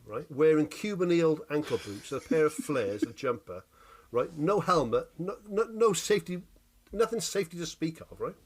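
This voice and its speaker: A man co-hosting a casual chat podcast, telling animated, sweary stories and checking in with "right?" after every point. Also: a little high. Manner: animated storytelling, sweary, keeps asking "right?". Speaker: podcast co-host.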